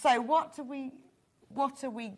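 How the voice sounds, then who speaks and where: A woman's voice: sits high, unhurried. A woman from Bath hosting a live shopping show, bubbly and chatty with frequent laughter. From Bath, England.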